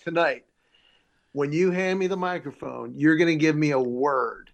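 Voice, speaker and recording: Upbeat man telling stories, slightly high voice. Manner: upbeat storyteller, acts out quoted dialogue. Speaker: comedian and speaker. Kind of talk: casual interview chat.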